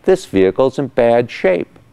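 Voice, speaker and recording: A man's voice: mid-range voice, big pitch swings, unhurried, gravelly, dark tone, clean tone. A man quoting an irritated car buyer. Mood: indignant. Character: annoyed male car buyer, ordinary adult.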